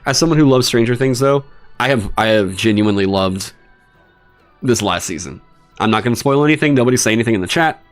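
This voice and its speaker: A man hosting a livestream, talking casually and swearing in exasperated, animated rants. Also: medium pitch, quick pace, soft background music. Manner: animated, profane ranting with exasperated asides. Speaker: streamer hosting a dungeon design stream.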